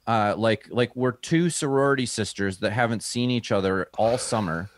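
Excited man telling a story. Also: normal speed, no echo, clean studio sound. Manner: animated storyteller, acts out quotes in a higher voice. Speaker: stand-up comedian, guest. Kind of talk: casual interview storytelling.

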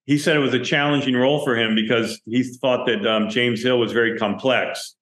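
A man's voice: medium pitch, a little fast. A man, a film director, telling stories from a film set in an interview, acting out the dialogue as he goes. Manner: animated storyteller, acts out quoted dialogue. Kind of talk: interview storytelling. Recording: roomy echo.

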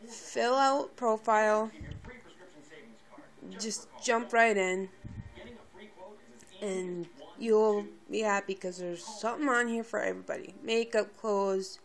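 A woman vlogging casually to her camera, rambling with many fillers and restarts in a fairly monotone voice. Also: mid-range voice, takes it slowly, creaky, pauses often. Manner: monotone, by her own account; quiet, subdued and near a whisper. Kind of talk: casual home vlog talk.

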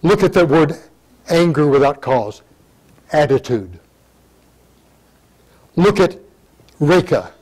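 Older man, pastor, sermon, emphatic surges, fairly high voice. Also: lively intonation, takes it slowly, long pauses, breathy edge, rough recording. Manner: preaching with sudden loud emphatic rises; reads scripture in old-fashioned wording.

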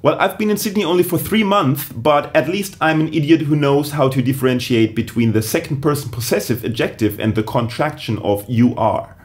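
Man, higher-pitched voice, dry sarcastic comedian vlogging. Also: fairly quick, hardly any pauses. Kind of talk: comedic vlog to camera.

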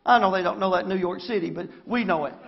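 In a church sanctuary, a Southern-accented Arkansas pastor talks fast in a high, creaky voice, delivering a folksy sermon and frequently asking for amens. The recording has its highs cut off.

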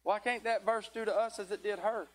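High-voiced preacher. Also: male voice, steady tone, brisk. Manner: folksy, with rising fervent exhortation; tired near the end. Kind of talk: sermon.

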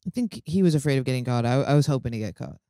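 A man's voice: mid-range voice, expressive, racing, dark tone, no echo, clean studio sound. A man co-hosting a podcast, playful and frank in casual comedic chat. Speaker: podcast co-host.

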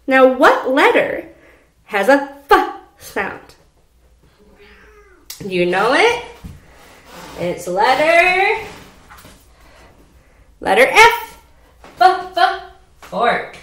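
A woman teaching a preschool phonics lesson from home, speaking slowly and repeating letter sounds for young children. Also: sits high, very animated, fairly bright tone, roomy sound. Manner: slow, sing-song, repeats sounds for children. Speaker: pre-K teacher.

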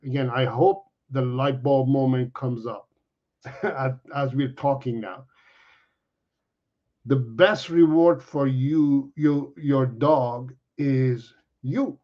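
A man's voice: mid-range voice, slow pace, pauses often. A middle-aged man, a dog trainer, explaining to viewers in an earnest way, repeating himself and restarting his sentences. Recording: dull lo-fi audio.

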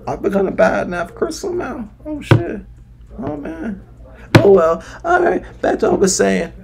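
High-pitched put-on voice, a man. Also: very animated, moderate pace, vocal fry, heavy background noise. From New Jersey. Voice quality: put-on high falsetto voice that slips deeper. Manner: brash, swearing, pushy. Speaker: streamer. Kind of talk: prank chat with a stranger.

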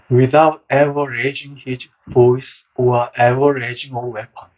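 A man narrates a book summary in a slow, measured reading voice. His tone is a little husky and sits at an ordinary pitch. The recording sounds dull and lo-fi. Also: a little mellow.

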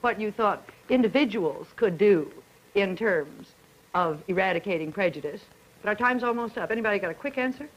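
A woman moderating a panel discussion with brisk, poised questions, in the style of a 1950s broadcast. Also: medium pitch, expressive. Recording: dull lo-fi vintage broadcast.

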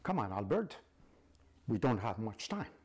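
A man playing a chilling angel of death, low and slow, husky, menacing. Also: sing-song, a little mellow, full character voice. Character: cold, ominous male angel of death.

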